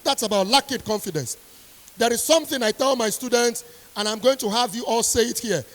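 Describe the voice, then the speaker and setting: A woman's voice: a little high, brisk. Stern woman lecturing in a hall. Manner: emphatic, repeats key lines, stern. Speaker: university lecturer. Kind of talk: motivational speech to an audience. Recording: long hall reverb.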